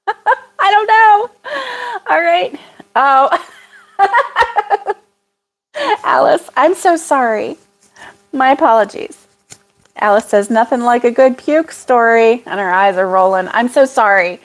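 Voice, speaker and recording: A woman's voice: a little high, lively intonation, slow pace, long pauses. A woman hosting a casual livestream chat, chatty and apologetic, laughing often as she reads viewer comments. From United States.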